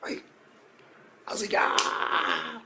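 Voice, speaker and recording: A low-voiced man retelling an episode in a loose, rambling way. He swears freely and leans hard on fillers. Quiet hiss sits faintly under his voice. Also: fairly quick. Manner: profane, loose storytelling full of fillers; jumps to excited high-pitched reactions. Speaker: anime reviewer. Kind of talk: casual episode review.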